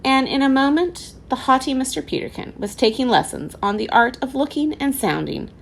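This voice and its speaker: A woman teacher reading a children's storybook aloud with expressive narration. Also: sits high, fairly quick, vocal fry, a little hiss or hum, low-quality recording.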